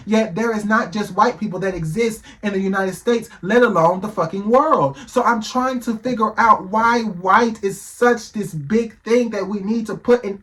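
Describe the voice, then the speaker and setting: A man's voice: high-pitched, a bit bright. Fired-up man asking pointed questions. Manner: heated rhetorical questioning, swears. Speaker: commentator. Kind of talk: reaction commentary.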